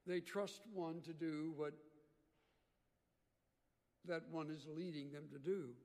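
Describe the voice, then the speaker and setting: Animated high-voiced preacher in a reverberant hall. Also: male voice, slow. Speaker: pastor. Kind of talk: sermon.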